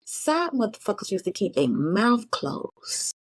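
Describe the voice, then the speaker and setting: A woman in the middle of a podcast interview, recounting her own story with unfiltered, profane bluntness. Her pitch sits in an ordinary middle range. She drives each point home with force. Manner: fast, lively retelling. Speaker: podcast guest. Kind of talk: casual storytelling.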